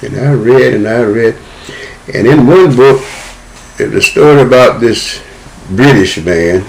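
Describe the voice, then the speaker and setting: An older man, telling a story from his childhood in an animated way and acting out the dialogue. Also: mid-range voice, measured pace, slight background noise, low-quality recording. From Southern United States. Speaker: interview guest.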